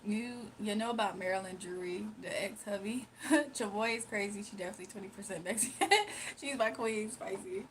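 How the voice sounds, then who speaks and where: A woman's voice: mid-range voice, fairly even intonation, brisk, a little hiss or hum. A woman hosting a casual livestream, chatting playfully with viewers, reading their comments and laughing often. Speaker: livestream host.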